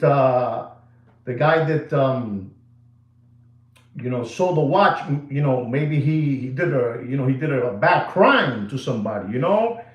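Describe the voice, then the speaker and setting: Animated rambling man in an echoey room. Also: a little high. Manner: rambling, animated, full of "you know" fillers. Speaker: watch dealer channel host. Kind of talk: casual livestream storytelling.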